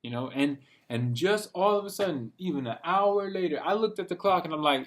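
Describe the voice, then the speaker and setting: A man's voice: on the high side, lively intonation, brisk, few pauses, a bit bright. A young man talking in a loose, rambling monologue. He keeps saying "bro" and acts out what he and others said. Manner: rambling, says "bro" constantly, quotes himself and others in little voices. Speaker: vlogger. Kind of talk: casual monologue. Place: at home, dogs nearby.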